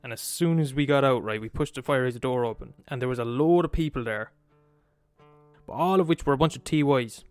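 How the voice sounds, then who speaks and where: An Irish man in a dry, close room telling a story, cursing often and tossing in "right?" to check the listener is following. His voice is medium in pitch, and faint guitar music plays under him. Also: fairly quick, smooth, dry recording. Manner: animated, swears a lot, asks the listener "right?". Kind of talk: casual storytelling.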